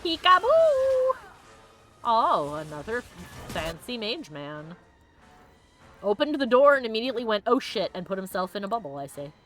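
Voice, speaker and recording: A woman's voice: mid-range voice, sing-song, brisk, faint music behind. A woman streamer giving casual gameplay commentary, bubbly and joking, laughing often and acting out the characters' lines. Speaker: let's play streamer.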